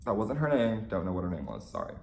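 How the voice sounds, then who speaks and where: A young man telling an excited fan story in a casual vlog, gushing and full of "like"s. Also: low voice, fast talker, gravelly, reverberant, noisy background. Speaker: vlogger.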